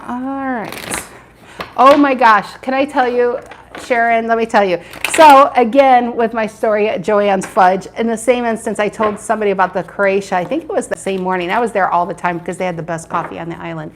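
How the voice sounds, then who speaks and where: A woman's voice: medium pitch, fairly even intonation, a little fast, slight background noise. A woman doing a live tarot reading, chatting with viewers and repeating her questions as she turns the cards. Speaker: tarot reader.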